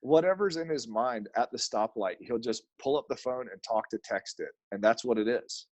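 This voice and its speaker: A man talking as a podcast guest in casual chat, animated, laughing often and restarting his sentences. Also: mid-range voice, normal speed, dry recording.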